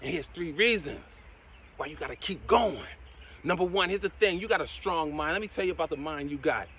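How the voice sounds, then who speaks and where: A man giving a motivational talk in a preachy, encouraging way, often saying "my friend" and "right?", and swinging between loud emphatic bursts and quiet asides. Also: a little high, animated, a little fast, highs cut off. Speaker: motivational speaker.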